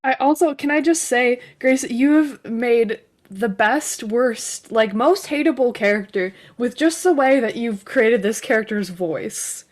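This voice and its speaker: Woman player, higher voice, gushing and emphatic. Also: measured pace, hardly any pauses. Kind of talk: tabletop game play.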